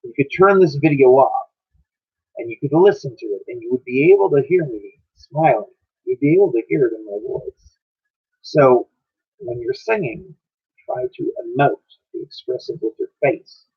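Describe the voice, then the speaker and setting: A man talks loosely and chattily as he hosts a livestream, often stumbling and restarting his sentences. His voice is slightly husky. The audio sounds dull and low-fidelity, like a lo-fi stream mic. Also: lively intonation, moderate pace. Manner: loose and chatty, restarts phrases, answers chat. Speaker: livestream host. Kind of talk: casual advice on a livestream.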